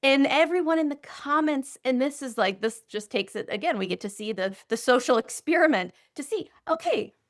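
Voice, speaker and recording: A woman speaking as a doctor guest on a podcast, telling a story in an animated, conversational way with frequent filler phrases. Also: high voice, fairly quick, few pauses. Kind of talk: conversational interview.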